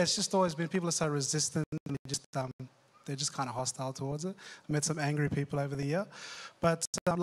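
A man sharing a testimony at church, hesitant and pausing often with fillers. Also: on the high side. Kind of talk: telling a testimony. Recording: echoey hall.

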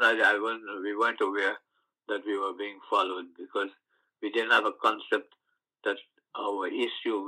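An older man from the West Indies, recalling his past in an oral history interview, telling stories with halting restarts. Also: lowish voice, low-quality recording. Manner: storytelling, animated recollections with halting restarts.

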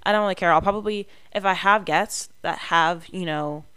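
A woman's voice: lowish voice, normal speed, a bit bright, clear, resonant tone, no room sound, clean studio sound. Candid woman rambling on a podcast. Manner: candid, rambling self-talk. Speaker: podcast host. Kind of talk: solo podcast monologue.

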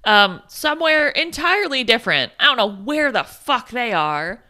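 Lively, bright woman recapping a film. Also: on the high side, normal speed. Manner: laughing often, swearing, sarcastic asides. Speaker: podcast co-host. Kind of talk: casual chat recapping a film.

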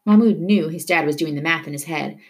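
A woman reading a novel aloud with steady storytelling narration. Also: low voice, brisk. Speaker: reader.

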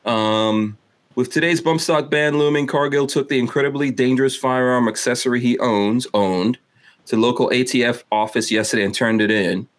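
A man's voice: medium pitch, normal speed. A man hosting a podcast, chatting casually and teasing his co-hosts while reading out news. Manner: joking, teasing banter. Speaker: podcast host. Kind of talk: casual chat. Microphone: studio mic.

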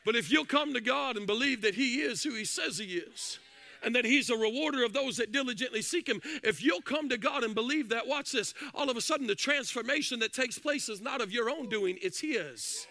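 A man preaching a fiery sermon from a church platform, shouting and half-singing his phrases. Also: very high-pitched, animated, a little fast, creaky. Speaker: pastor. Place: church sanctuary.

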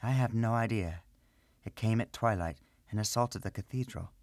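A man voicing a calm, gracious female high priestess in a storybook reading, soft and courteous. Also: normal speed, no room sound, lightly acted. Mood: shaken, gracious.

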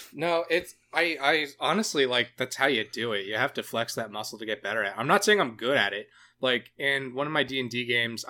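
Male podcast host, bright tone, fast and profane banter. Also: mid-range voice. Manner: animated, profane, jokey. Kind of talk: casual podcast chat.

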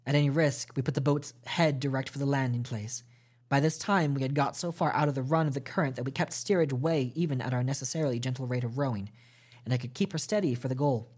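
A man narrating a classic adventure novel aloud at a steady, measured pace, with small restarts. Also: medium pitch. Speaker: podcast host reading a novel aloud. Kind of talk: audiobook storytelling narration.

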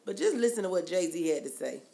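A woman's voice: on the low side, very animated, brisk, gravelly, warm tone. A woman, co-hosting a podcast in casual, gossipy chat. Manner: gossipy, laughing, reads quotes aloud. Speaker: podcast co-host.

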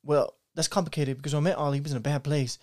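Man, podcast co-host, parody skit, rambling excitable delivery, fast pace. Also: fairly high pitch. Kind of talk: comedic movie-parody skit.

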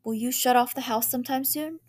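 A woman's voice: high voice, brisk, a little mellow, pitched above the performer's own voice. A woman voicing a sulky spoiled boy in a storybook reading, curt and defiant.

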